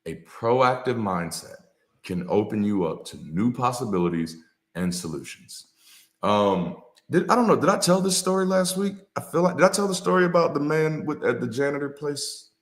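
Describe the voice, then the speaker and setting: A man's voice: mid-range voice, sing-song, normal speed. A man, a former pastor, giving a casual motivational talk with a preacher's cadence, repeating key lines and dropping slang and swear words. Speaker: ex-pastor and co-host. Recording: echoey room.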